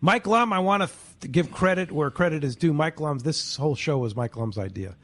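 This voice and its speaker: A man's voice: a little high, expressive, fairly quick, fairly bright tone. A man hosting a radio talk show, chatting easily and thanking his guests.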